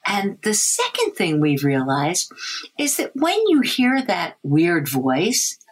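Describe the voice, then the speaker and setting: A middle-aged woman, a language development researcher, answering interview questions in an animated way. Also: slow pace, slightly rough. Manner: animated, breaks into a high sing-song baby voice for examples.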